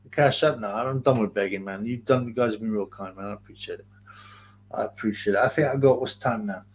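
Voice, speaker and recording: A man's voice: on the low side, quick pace, slight background noise. Rambling London man on a livestream. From Greater London. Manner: rambling, slangy, reads chat aloud. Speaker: livestream host. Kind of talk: casual livestream chat.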